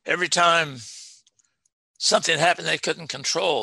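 A man preaching a sermon, reading scripture with slow, emphatic stress and talking to his congregation. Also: on the high side, expressive, creaky, sharp tone, no room sound.

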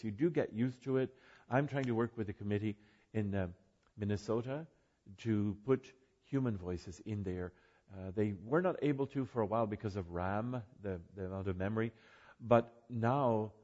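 A man's voice: lowish voice, dark tone, muffled recording. An older man giving an informal talk to a group, rambling with asides and self-corrections. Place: room with an audience.

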